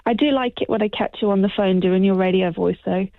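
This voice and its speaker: A woman calling into her husband's radio show, teasing him in a relaxed, just-woken way. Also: mid-range voice, brisk, no echo. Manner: teasing, sleepy, laughing. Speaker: host's wife calling in. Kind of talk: casual phone chat. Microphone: phone. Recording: dull phone line.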